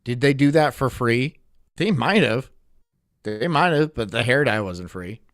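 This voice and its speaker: A man hosting a live stream, reacting to clips in an animated way and swearing often. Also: medium pitch, measured pace, no room sound, studio quality. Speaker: streamer host.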